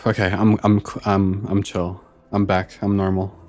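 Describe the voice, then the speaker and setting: A male streamer reacting to a game, excitable and amped up, swearing and stumbling over his words. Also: deep voice, unhurried, soft background music.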